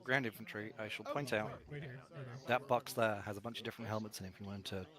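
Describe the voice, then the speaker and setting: Quick offhand man in busy chat. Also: on the low side, steady tone. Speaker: player in voice chat. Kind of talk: game chat. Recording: voice chat with chatter behind.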